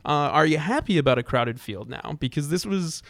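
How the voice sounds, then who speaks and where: A man's voice: fairly high pitch, expressive, normal speed, a bit bright, no echo. A man co-hosting a political call-in show, rambling with frequent restarts. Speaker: radio talk show co-host. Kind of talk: casual political call-in talk.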